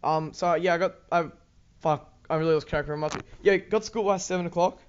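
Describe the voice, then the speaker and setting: A man's voice: a little high, a little fast, dull audio, slight background noise. A teenage boy with an Australian accent, rambling casually over gameplay with lots of ums, restarts and swearing. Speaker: gaming YouTuber.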